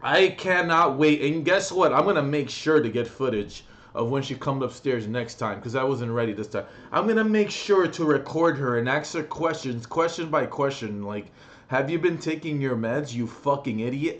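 A young man ranting angrily on his vlog, profane and agitated, with sudden loud outbursts. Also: mid-range voice, expressive, normal speed, hardly any pauses. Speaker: vlogger.

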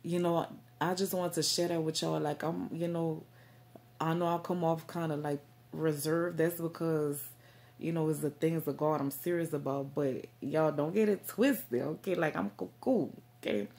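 A woman's voice: low-pitched, fairly even intonation, moderate pace, a little mellow. A woman vlogging straight to camera about faith and herself, rambling and stumbling over her words with lots of fillers. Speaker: Christian vlogger. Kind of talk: casual direct-to-camera talk.

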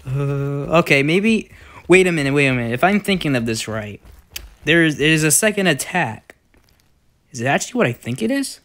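A young man giving casual, rambling gameplay commentary with lots of fillers and sudden excited outbursts. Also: a little high, a little slow, long pauses. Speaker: gaming YouTuber.

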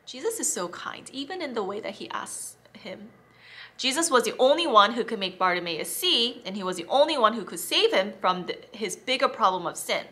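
A woman teaching children, reading a Bible story in an expressive, animated way. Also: a little high, brisk.

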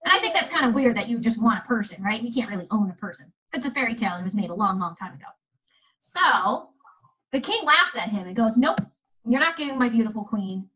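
A woman museum educator retelling a fairy tale to children, in an animated, chatty way, often asking her listeners questions. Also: a little high, quick pace, husky, rough recording. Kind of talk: storytelling lesson for children.

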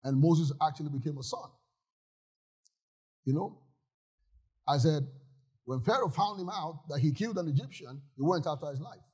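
A man's voice: a little high, animated, moderate pace, pauses often, a little mellow, husky. A male pastor preaching a sermon in a church, emphatic and often asking the congregation if they follow.

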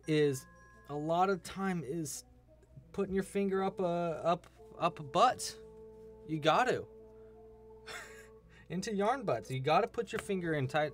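A young man from Southern California with a Californian accent, hosting a casual crochet livestream, goofy and laughing as he chats with viewers. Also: on the high side. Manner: goofy, laughing, chatty with viewers, puts on silly voices.

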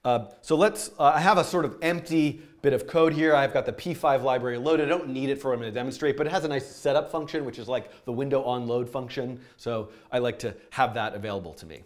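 A man talks through a live coding lesson in a loose, chatty way. He breaks off his own sentences, fills pauses and laughs at himself while he types. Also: mid-range voice. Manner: chatty and self-interrupting, with frequent fillers and laughs. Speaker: programming teacher. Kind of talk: live-streamed coding tutorial.

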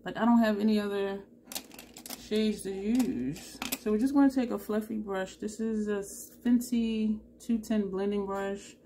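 A woman's voice: medium pitch, fairly even intonation, measured pace, mellow, a little hiss or hum. A woman vlogger chatting through a makeup tutorial, thinking aloud and correcting herself as she goes. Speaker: beauty vlogger.

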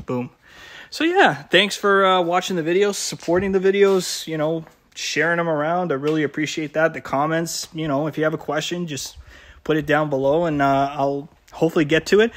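A man from Canada running a shop, talking casually through a warehouse vlog, rambling with many fillers and little chuckles. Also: a little high. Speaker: shop owner and vlogger. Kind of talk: casual behind-the-scenes vlog. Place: indoor warehouse.

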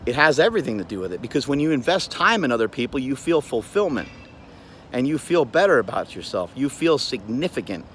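A man lectures straight into his phone in a blunt, preachy way, swearing freely as he pushes his point. His voice sits at an ordinary middle pitch. Faint street noise hums behind him outdoors. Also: big pitch swings, fairly quick, a bit bright. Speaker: gym owner and show host. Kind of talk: motivational monologue.

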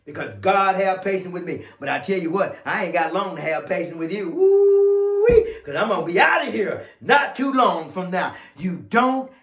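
A pastor preaching a fiery sermon, swinging from shouting to low murmurs. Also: male voice, normal speed, few pauses, reverberant. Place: church sanctuary.

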